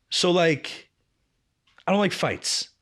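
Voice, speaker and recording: A man in his twenties co-hosting a podcast, telling a work story in a casual, profane, animated way. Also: high-pitched, drawn-out words. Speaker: podcast co-host.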